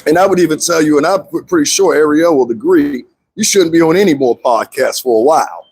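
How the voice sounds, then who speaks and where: A man with a slightly high, husky voice talks fairly quickly during casual live-stream commentary. Animated and laughing often, he speaks right to his viewers.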